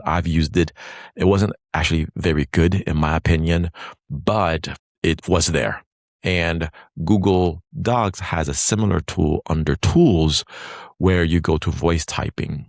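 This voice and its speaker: A man who works as a lawyer and mediator, walking step by step through dictation software and reading sample text aloud. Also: deep voice, gravelly, dry recording, clean studio sound. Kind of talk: screen-recorded software demo.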